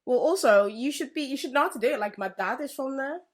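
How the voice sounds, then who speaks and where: A woman's voice: sits high, animated, fast. Teasing woman podcast host. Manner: teasing, laughs often. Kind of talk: casual chat.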